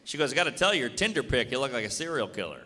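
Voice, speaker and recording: A man doing stand-up comedy, brash and deadpan, acting out quick back-and-forth exchanges on stage. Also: mid-range voice, slight background noise. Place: comedy club stage before a live audience. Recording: live club recording with reverb and crowd.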